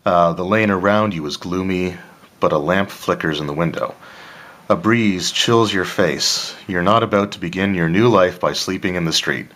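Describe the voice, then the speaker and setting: A man reading a solo tabletop gamebook aloud and adding casual asides, clearing his throat now and then. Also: deep voice, moderate pace, fairly bright tone. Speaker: player of a solo tabletop adventure.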